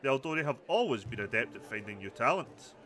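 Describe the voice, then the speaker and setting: Brief: man reading a flattering old game mayor, animated and bright. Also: mid-range voice, quick pace, faint music behind. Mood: genial. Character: genial older male lord mayor.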